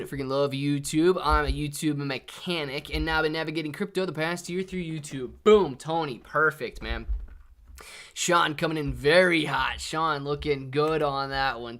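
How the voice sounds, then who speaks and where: A young man hosting a live trading stream, excitedly thanking viewers by name between bursts of market commentary, a little out of breath. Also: a little high.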